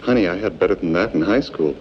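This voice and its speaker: An actor playing a cocky, wisecracking secret agent, sarcastic. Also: male voice, deep voice, fast talker, slight background noise, close to an everyday voice. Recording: dull lo-fi film soundtrack with music.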